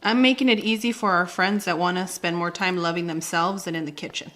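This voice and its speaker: A woman's voice: fairly low pitch, steady tone, a little fast, a bit bright. A woman in her thirties hosting a casual home cooking video in her kitchen, chatty and playful, dropping in Spanish words as she talks. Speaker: cooking channel host.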